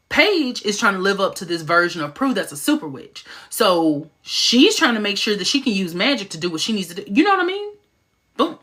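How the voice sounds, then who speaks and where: A woman giving casual live-stream commentary on a TV show, talking fast and excitedly, with sudden high-pitched asides.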